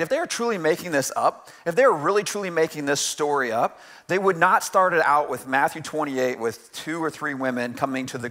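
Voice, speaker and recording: Man preaching in church, somewhat high voice, casual chatty delivery, frequent "right?" check-ins, laughs now and then. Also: pushed and bright. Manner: conversational, asks "right?" often, jokes and laughs. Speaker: pastor. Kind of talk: sermon. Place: church sanctuary.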